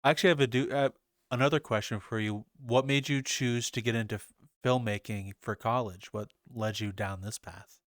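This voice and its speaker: A man hosting a podcast, asking relaxed, curious interview questions. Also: mid-range voice, normal speed, no echo, clean studio sound. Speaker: podcast host.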